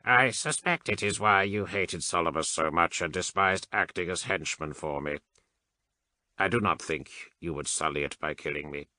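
Cold mechanized male cyborg priest, voiced by a male narrator; very deep, sharp edge, calculating. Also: dry recording. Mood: cold, detached. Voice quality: flat mechanical delivery. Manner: measured, clipped, unhurried formal speech. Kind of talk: audiobook character reading.

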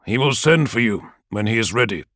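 A man voicing a stern, unyielding male guard commander in a low, flat tone in a storybook reading. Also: brisk, dry recording, studio quality.

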